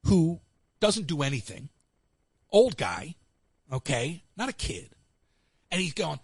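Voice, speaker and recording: A man's voice: fairly high pitch, unhurried, long pauses, husky, no echo. An American man hosting a call-in show, telling stories in casual chat and acting out what others said. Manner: animated storyteller acting out quotes.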